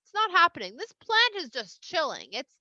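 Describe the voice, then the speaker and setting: A woman's voice: extremely high pitch, sing-song, moderate pace, pushed and bright, no room sound. A woman casually retelling a Torah portion for children in a playful, slangy, conversational way, on a slightly lo-fi recording. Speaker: storyteller for children.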